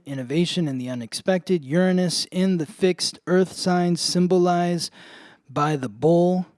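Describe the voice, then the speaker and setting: A man's voice: on the high side, a little mellow, no room sound, studio quality. A man co-hosting a podcast, telling a story in a casual chat full of "like" fillers. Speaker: podcast co-host, astrologer.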